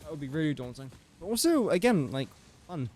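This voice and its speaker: A man's voice: on the high side, very animated, brisk, darkish tone, faint music behind. Chatty, self-mocking young man streaming games. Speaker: gaming livestreamer. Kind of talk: casual gameplay commentary.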